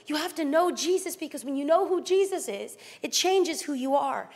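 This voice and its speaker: High-voiced, fiery woman pastor preaching. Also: moderate pace. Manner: energetic preaching with playful asides; acts out quoted voices. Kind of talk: sermon.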